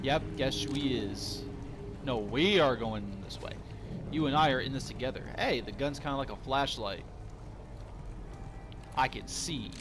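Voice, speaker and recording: A young man narrating a video game in a loose, joking way, swearing freely as he plays. He talks around a cough drop in his mouth, and clear game ambience hums behind his voice. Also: mid-range voice, normal speed, long pauses, background noise. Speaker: gaming channel host. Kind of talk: casual let's-play commentary.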